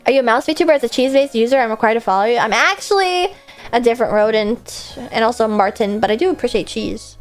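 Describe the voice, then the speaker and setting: A young woman streaming late at night, reading fan questions aloud and answering in a chatty, self-deprecating way that slips into deadpan, tired and coming down from an energy drink. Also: a little high, fast talker, faint music behind. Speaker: VTuber streamer. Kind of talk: casual livestream Q&A, reading fan messages aloud.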